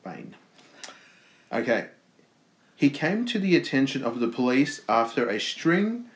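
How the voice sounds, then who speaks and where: An Australian man co-hosting a casual podcast, reading odd news stories aloud and cracking jokes between sentences. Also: medium pitch. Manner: reads news stories aloud with jokey asides. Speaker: podcast co-host. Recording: roomy echo.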